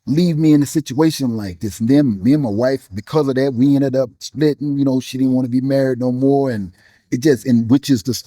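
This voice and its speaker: A guest musician and bishop, grieving, talks about his loss in an emotional interview, earnest and preacherly, pausing and repeating himself as he searches for words. His warm, mellow voice has medium pitch and a steady tone. The sound is dry and close, with no echo.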